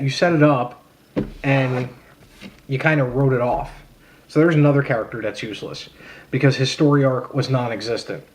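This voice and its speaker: A young man ranting casually about a film, blunt and sarcastic, swearing freely with many fillers and restarts. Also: medium pitch. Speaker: vlogger reviewing a film. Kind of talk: casual rant.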